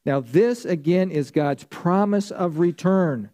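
Mellow-voiced man teaching a Bible study. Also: high-pitched, slow pace. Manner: conversational teaching, asks the class questions and answers them. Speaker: pastor. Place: church.

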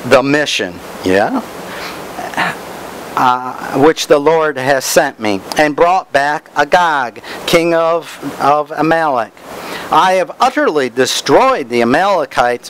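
A man's voice: fairly high pitch, expressive, slow, a little hiss or hum, poor audio. A man preaching a Bible study, reading verses aloud and stressing words as he explains them.

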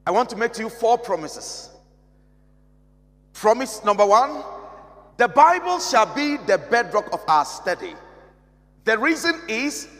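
A male pastor preaching a sermon in a large church, measured and emphatic, repeating key phrases. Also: extremely high pitch, a bit bright. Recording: long reverb of a church hall.

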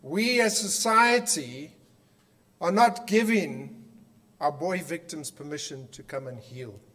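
A man with a South African accent giving an impassioned conference speech, emphatic, with rhetorical questions and dramatic pauses. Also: fairly high pitch, a bit bright. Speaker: conference speaker.

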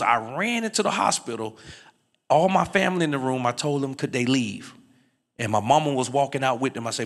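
A middle-aged man telling his life testimony as a guest speaker, dropping low and quiet in the story, then rising loud and high as he exhorts the listeners.

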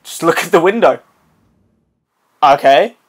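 A young man giving casual let's play commentary, excitable and jokey, talking to himself and swearing now and then. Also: a little high, measured pace. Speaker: gameplay commentator.

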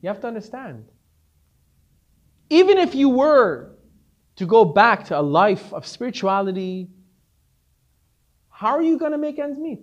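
Brief: a man doing a stern rabbi scolding a student, rhetorical and lecturing, with a lively, rising and falling pitch. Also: a little slow, long pauses, dull audio, full character voice. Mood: explaining.

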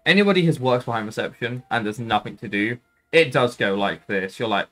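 A man's voice: mid-range voice, expressive, brisk, fairly bright tone, faint music behind. A man streaming a game, casually commenting, joking and swearing at the characters.

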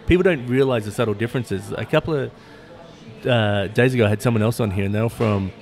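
A man's voice: mid-range voice, fast, faint music behind. Chatty Australian man hosting a podcast. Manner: chatty, swearing, animated storytelling. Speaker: podcast host. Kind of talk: casual interview chat.

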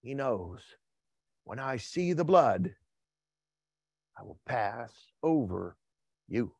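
A man preaching a Wednesday night sermon who acts out voices and shouts for effect. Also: mid-range voice, sing-song, slow pace, vocal fry, breathy edge, no echo, highs cut off. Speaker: pastor.

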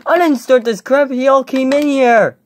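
A creator voicing a homemade toy comedy skit, excitable and prone to blurting and shouting. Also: high-pitched, moderate pace, a little hiss or hum.

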